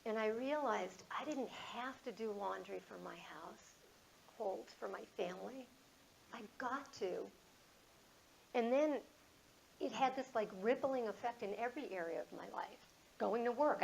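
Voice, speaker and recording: A woman in her fifties, a motivational speaker telling a personal story in a conversational, animated way. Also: fairly high pitch, a little slow, vocal fry, a little hiss or hum, poor audio. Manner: conversational, animated, acts out dialogue.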